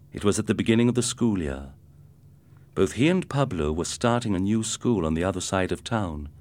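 Deep-voiced man narrating a story. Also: a little mellow.

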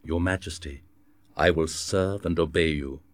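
A man's voice: rumbling low, steady tone, measured pace, dry recording. A man reading the part of a loyal musketeer captain, speaking earnestly and plainly. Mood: dutiful. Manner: earnest, plain-spoken delivery.

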